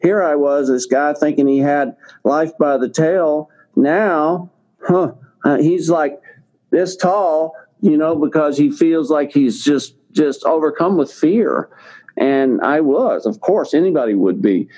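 A man's voice: a little high, slow pace, a little mellow, dull audio. An older man telling a long personal story in a casual, rambling way, with many fillers and restarts. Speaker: guest telling his health story.

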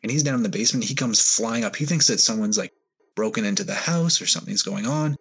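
Male podcast guest, low husky voice, rambling storyteller with fillers. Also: lively intonation, quick pace, fairly bright tone. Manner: hesitant, rambling retelling with fillers. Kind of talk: storytelling in an interview.

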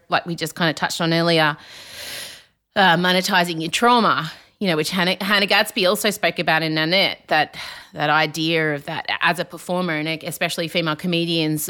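A woman's voice: on the low side, bright, forceful tone. A woman hosting a podcast in casual chat, talking animatedly and candidly, with self-deprecating humor. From Australia. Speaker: podcast host.

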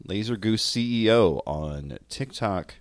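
A man's voice: fairly low pitch, animated, takes it slowly, no room sound. A man hosting a casual comedy podcast, laid-back and dry, reading out the show's plugs. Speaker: podcast host.

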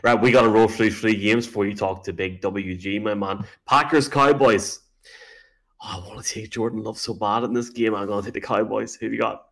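A man's voice: on the low side, fairly even intonation, brisk, fairly bright tone. A man co-hosting a sports show, giving picks in a casual, playful and teasing way. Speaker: co-host.

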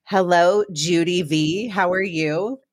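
A woman's voice: fairly low pitch, slow, dry recording, clean studio sound. A woman hosting a podcast, telling rambling personal stories in a casual chat before introducing her guest. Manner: chatty, rambling storytelling. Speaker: podcast host.

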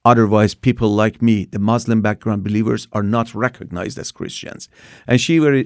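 Gravelly man in his sixties. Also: lowish voice, normal speed, no room sound, clean studio sound. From Iran. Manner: animated retelling with acted-out quotes. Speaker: guest telling his testimony. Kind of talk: personal storytelling.

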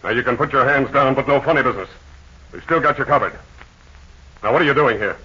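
A man playing an authoritative hero captain in a 1930s radio serial, with a brisk, commanding manner. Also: mid-range voice, sharp tone, slightly rough. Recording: dull old radio transcription with faint noise.

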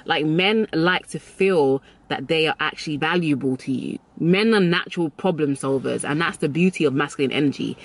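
A woman's voice: low voice, no room sound. A woman vlogger giving advice in a casual, chatty, emphatic way, often repeating her key phrases. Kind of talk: casual advice talk to camera.

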